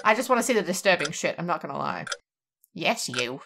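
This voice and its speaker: A young adult woman giving jokey, excitable and profane commentary while she plays a game. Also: lowish voice, fairly quick, creaky, music in the background. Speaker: let's play gamer. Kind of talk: casual gameplay commentary.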